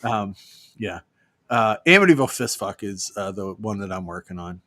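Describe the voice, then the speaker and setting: A man's voice: on the low side, expressive, moderate pace, pushed and bright. Rambling joking man in his fifties. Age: 50s. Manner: rambling, joking, many fillers. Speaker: co-host. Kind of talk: casual banter.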